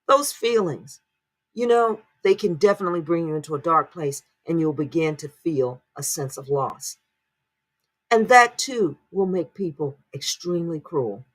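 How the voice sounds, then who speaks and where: A woman's voice: lowish voice, normal speed. A woman hosting a commentary channel, talking casually to her viewers and often asking rhetorical questions. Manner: rhetorical, keeps checking in with "right?". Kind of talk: casual spoken commentary to camera.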